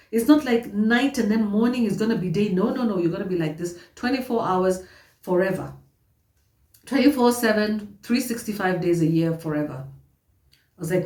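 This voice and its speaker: A woman telling her own life story to her viewers, animated, emphatic and often repeating herself. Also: a little high, moderate pace, recorded from a distance. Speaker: vlogger. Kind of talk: personal storytelling to camera. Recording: roomy echo, voice set back from the mic.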